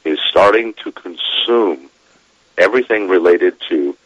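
A middle-aged man, a demographer, talking as a guest on a radio show, animated and laughing as he explains. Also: low-pitched, unhurried, husky, dry recording, dull audio. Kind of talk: radio interview.

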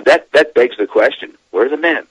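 A middle-aged man, a demographer, talking as a guest on a radio show, animated and laughing as he explains. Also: mid-range voice, brisk, husky, no room sound, low-quality recording. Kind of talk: radio interview.

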